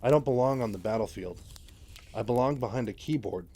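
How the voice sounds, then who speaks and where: A man's voice: medium pitch, fairly quick, mellow, a little hiss or hum, lightly acted. A man voicing a tired, unsure male war reporter who speaks hesitantly, in a sci-fi game-lore retelling. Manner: hesitant, plain-spoken.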